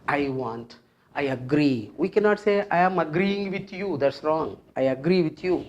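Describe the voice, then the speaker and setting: An English grammar teacher explaining a rule at the board, patiently repeating each phrase and example several times and pausing often with fillers. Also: mid-range voice, a little mellow. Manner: explains step by step with frequent fillers. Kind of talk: classroom grammar lesson at a board.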